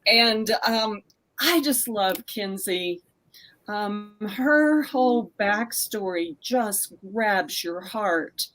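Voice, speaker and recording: Woman, author guest, slow unhurried talk, earnest, video call. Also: medium pitch, animated, fairly bright tone. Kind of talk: casual conversation.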